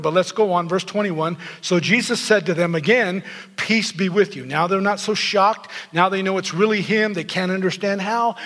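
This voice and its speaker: A man preaching a sermon as a pastor, telling the story in animated fashion and acting out the quotes. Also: high voice, in a large hall.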